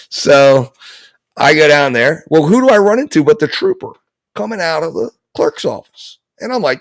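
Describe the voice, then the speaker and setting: A man's voice: on the high side, normal speed, vocal fry, no room sound. A man casually telling a long personal anecdote on a live talk show. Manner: relaxed storytelling, lots of fillers.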